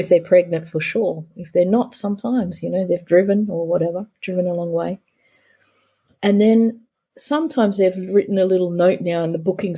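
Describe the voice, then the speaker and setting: A woman's voice: fairly low pitch, dark tone. A middle-aged woman, a guest on a podcast interview, telling stories about her work and acting out her talks with clients. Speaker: guest, pelvic therapist.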